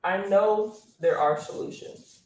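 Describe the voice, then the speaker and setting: An energetic woman talks straight to her live-stream viewers, chatty and upbeat as she teaches. Her voice sits in a middle pitch. The sound bounces around an echoey room. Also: slow. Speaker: online business coach.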